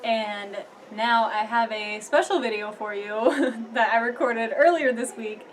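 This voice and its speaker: A young woman vlogging casually to camera, chatty and quick to laugh, with lots of fillers. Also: on the high side, a little hiss or hum, low-quality recording. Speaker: vlogger studying abroad.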